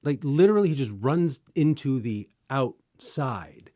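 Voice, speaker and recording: Young male reviewer, sarcastic and lively, dry close-miked delivery. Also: medium pitch, no echo. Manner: sarcastic, animated, quick asides. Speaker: movie reviewer host. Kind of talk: casual sarcastic movie review.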